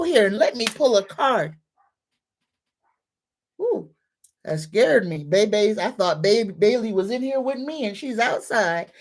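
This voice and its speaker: A woman hosting a psychic livestream, greeting viewers, reading comments and leading affirmations. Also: mid-range voice. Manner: greets viewers warmly, leads slow repeated affirmations.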